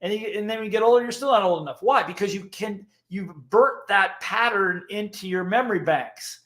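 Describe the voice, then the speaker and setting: A man's voice: high voice, a little fast, a bit bright. A man giving a live-streamed motivational lesson as a coach, repeating his key points and checking in with "okay?" again and again.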